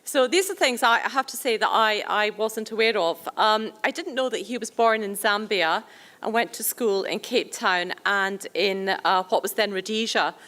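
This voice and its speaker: A woman's voice: medium pitch, moderate pace, a bit bright. A woman hosting an event, introducing the guest speaker in a chatty way. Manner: chatty, with fillers and restarts.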